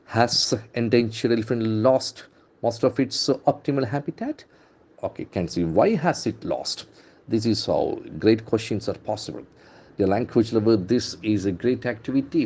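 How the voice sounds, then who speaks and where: A middle-aged man leads an English lesson, going through newspaper words and repeating each one to show where the stress falls. His voice sits low and sounds dark and mellow. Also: animated, normal speed. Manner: drills pronunciation by repeating words with stressed syllables. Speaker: English trainer.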